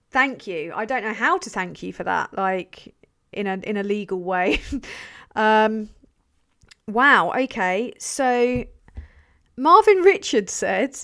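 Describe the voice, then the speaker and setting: A woman's voice: mid-range voice, fairly bright tone. Chatty, sweary woman streamer. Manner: chatty, sweary, self-deprecating. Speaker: livestream host. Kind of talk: casual livestream chat reading donations.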